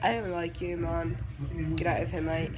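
A man giving live gameplay commentary, excitable and trash-talking, breaking into yelling outbursts. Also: a little high, normal speed, music in the background. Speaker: gameplay streamer.

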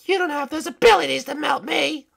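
A shy, squeaky young princess, played by a woman. She stammers and hesitates, and her pitch sits well above the performer's own voice in a role-play game. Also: brisk, gravelly, crowd noise. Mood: nervous. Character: timid young female frozen music princess.

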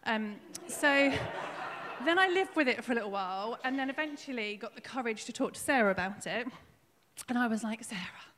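A woman giving a personal testimony at her own baptism in church, emotional and tearful, halting with fillers as she speaks. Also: fairly high pitch, expressive, background noise. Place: church hall. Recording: long hall reverb.

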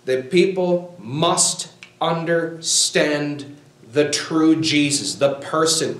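A man's voice: a little high, takes it slowly, fairly bright tone, reverberant, poor audio. A male pastor preaching a sermon, quoting scripture with rising fervor.

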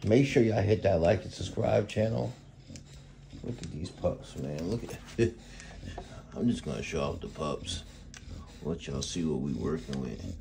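A man's voice: very deep voice, animated, moderate pace, vocal fry, warm tone, a little hiss or hum. A man casually vlogging about his dog kennel, rambling and laid-back, talking to viewers with lots of y'all and man. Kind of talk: casual vlog. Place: indoors at home kennel.

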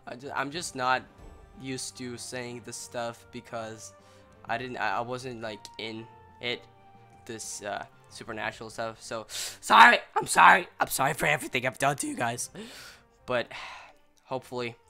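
A young man commentating his own gameplay, rambling and apologizing, then yelling in excitement, a little sick and clearing his throat. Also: medium pitch, normal speed, faint music behind. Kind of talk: casual let's-play commentary.

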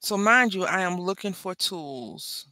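Speaking a little slowly in a lowish voice, a middle-aged woman chats casually as she makes jewelry for a craft video. Her stories are animated and sprinkled with jokes. The audio is dry.

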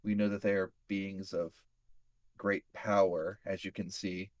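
Man, tabletop player, hesitant, filler-heavy, lowish voice, dry sound. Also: level tone, a little slow, no echo. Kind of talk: casual tabletop role-play.

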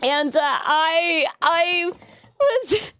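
A woman with a high, light voice hosts her own livestream and talks in a loose, storytelling way. She rambles, corrects herself mid-sentence and voices the people in her stories. Laughter comes easily to her. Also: expressive, drawn-out words, fairly bright tone. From Michigan, USA. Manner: rambling and self-correcting, often laughing, acts out quoted dialogue. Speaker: cosplayer and livestream host.

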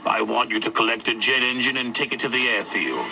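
A man voicing a brisk railway boss giving orders in a storybook reading, with loud music behind. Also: mid-range voice, creaky, noisy background, lightly acted. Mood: businesslike.

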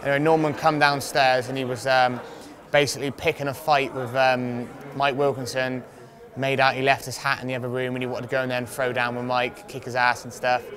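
A man's voice: medium pitch, little pitch movement, a little fast. A young man, a fighter, telling a rambling anecdote in a casual interview, swearing freely and laughing often. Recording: crowd noise outdoors.

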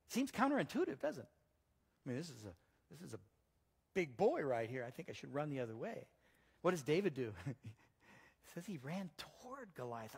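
A male pastor preaching a sermon in a church, telling stories in an animated way that swings between loud and soft. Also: fairly high pitch, vocal fry, breathy edge.

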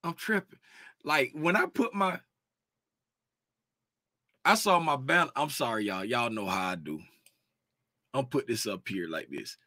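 A trading educator chats loosely with viewers on a casual livestream, speaking straight to chat and getting sidetracked easily. His medium-pitched voice has a sharp tone and lively intonation, moving a little slowly with frequent pauses, recorded dry.

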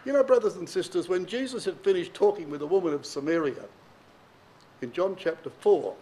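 A man's voice: a little fast, dark tone, poor audio. A man teaching a sermon, reading old-style scripture verses and explaining them directly to his listeners with emphasis. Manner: reads King James verses then explains them plainly to the congregation; emphatic, varies pitch and pace widely for emphasis. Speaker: Bible teacher.

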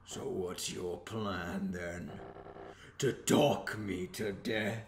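A man voicing an exhausted, menacing chess-piece king who talks in a slow, sneering, taunting way, recorded in an echoey room with noise behind. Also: low-pitched, steady tone, heavily acted.

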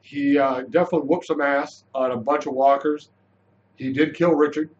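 A man giving a casual, animated spoken review of a TV episode, chatty, with frequent restarts. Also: fairly high pitch, normal speed, dull audio.

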